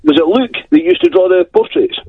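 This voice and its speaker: Chatty Scottish caller on a phone line. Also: male voice, extremely high pitch, huge pitch swings, fairly quick, gravelly, husky, no echo. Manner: chatty, keeps adding "right?". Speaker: caller, taxi driver.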